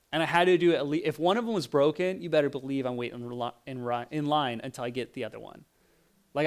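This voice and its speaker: A man giving a casual sermon, telling lively stories and acting out the voices of people in them, with frequent restarts. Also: fairly high pitch, clean tone. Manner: animated storytelling, acts out voices, frequent restarts. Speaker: preacher.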